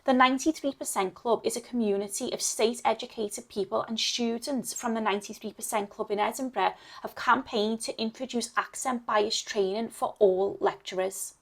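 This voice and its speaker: Woman, Liverpool accent, presenter, slightly high voice, earnest documentary narration. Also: fairly even intonation, normal speed, few pauses. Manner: earnest, campaigning.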